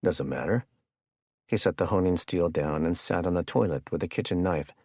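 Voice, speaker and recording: Male audiobook narrator, deep voice, steady measured read, dry close sound. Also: no room sound. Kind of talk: scripted narration.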